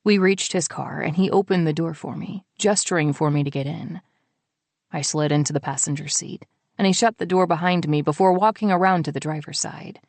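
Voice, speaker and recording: A woman narrating an audiobook in the first person, soft and intimate, on a close studio mic. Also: sits low, fairly quick, dry recording.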